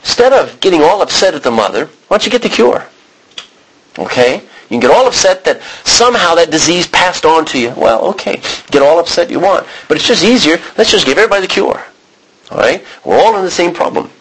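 Man, American accent, husky voice, conversational sermon, restarts, throat-clearing. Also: on the high side, sing-song, a little fast, a bit bright, rough recording. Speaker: preacher. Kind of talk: Bible teaching sermon.

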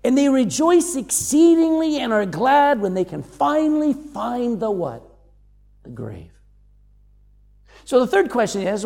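A preacher with a mid-range, somewhat dark voice teaches on scripture in a sermon, reading verses aloud and acting out the voices of the people quoted. A long reverb tail trails behind his words.

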